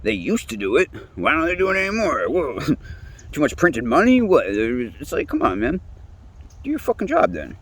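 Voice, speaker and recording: Profane, rambling man with a lively voice. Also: fairly high pitch, normal speed. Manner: profane, rambling, animated, laughs often. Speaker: interviewee. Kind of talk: casual rant.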